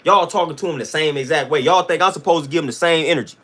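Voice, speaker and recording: A man's voice: on the high side, rapid-fire, fairly bright tone. Blunt, slangy man ranting to his chat. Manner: emphatic, repetitive, slangy, blunt. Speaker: livestream host. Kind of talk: livestream rant to chat.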